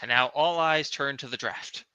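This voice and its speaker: A man's voice: medium pitch, normal speed, bright, forceful tone, clear, resonant tone, no echo, dull audio. A man co-hosting a casual sports podcast, laid-back and jokey, swearing casually. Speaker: podcast co-host.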